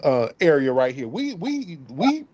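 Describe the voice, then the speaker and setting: Lively high-voiced man, emphatic host. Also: unhurried, slightly rough. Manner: emphatic, scolding, repeats himself; mimics others in mocking voices. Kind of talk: opinionated commentary on a call-in news show.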